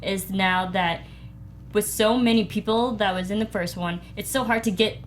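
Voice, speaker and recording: A woman's voice: medium pitch, fairly even intonation, moderate pace, a little hiss or hum. A woman on a movie review panel in casual chat, enthusiastic and gushing.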